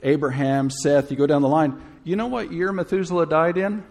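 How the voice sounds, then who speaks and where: Male preacher, high voice, chatty sermon with jokes and rhetorical questions. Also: steady tone, a little fast, a little mellow. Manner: conversational, humorous asides, rhetorical questions.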